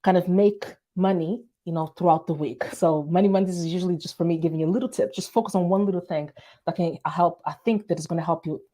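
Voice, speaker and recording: A woman's voice: on the low side, fast, dark tone. A woman from Portugal hosting her weekly live business-tips show, talking casually with fillers and restarts. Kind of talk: casual live-stream talk.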